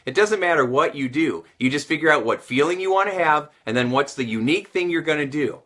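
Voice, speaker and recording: A male sales and communication coach speaks straight to camera with a bright, forceful tone. He teaches in an energetic, motivational style and leans on repetition to stress his points. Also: on the high side, brisk. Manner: energetic, repeats phrases for emphasis.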